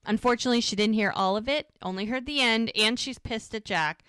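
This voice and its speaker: A woman co-hosting a podcast, retelling a TV episode in a chatty, animated way. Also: on the high side, brisk, clear, resonant tone, no room sound. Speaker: podcast co-host. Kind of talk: casual episode recap.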